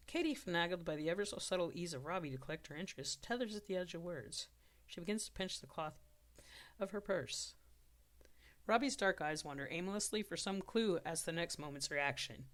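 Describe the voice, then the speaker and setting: A middle-pitched storyteller reads an unpolished story draft aloud. The reading is steady and plain, with now and then a stumble and a quick fix. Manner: steady reading with occasional self-corrections. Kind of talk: storybook narration.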